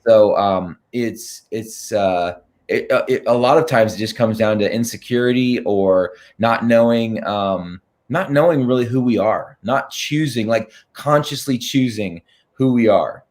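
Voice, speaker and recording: A man's voice: lowish voice, measured pace, darkish tone. A man co-hosting a casual coaching chat, talking with many ums and restarts. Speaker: co-host coach.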